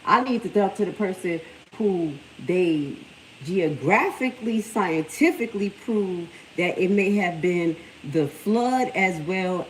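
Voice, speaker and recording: Animated woman hosting a faith livestream. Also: on the low side, slight background noise, poor audio. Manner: animated storytelling, lively quoted voices. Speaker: livestream host. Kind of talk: casual livestream talk.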